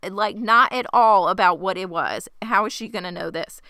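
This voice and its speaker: A woman recapping an episode in relaxed chat with a wry, teasing edge. Her voice is bright, crisp and smooth. The sound is close and dry. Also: mid-range voice, normal speed, dry recording.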